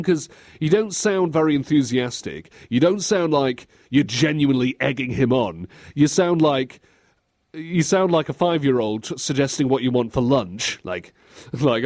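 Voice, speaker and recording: A man's voice: mid-range voice, a little slow, no room sound, studio quality. A man co-hosting a radio show, chatting casually and laughing as he acts out quotes. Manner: animated and giggly, acting out quotes. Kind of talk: casual chat on air. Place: radio studio desk.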